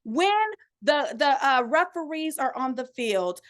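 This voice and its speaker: A middle-aged woman hosting her own podcast as a life and relationship coach, talking to listeners in an animated, preachy way with casual slang and asides. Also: sits high, unhurried. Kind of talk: energetic solo podcast coaching talk.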